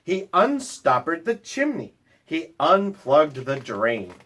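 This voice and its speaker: A man, a school librarian, reading a picture book aloud to children from home in an animated, playful way. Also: on the high side, takes it slowly, a little hiss or hum.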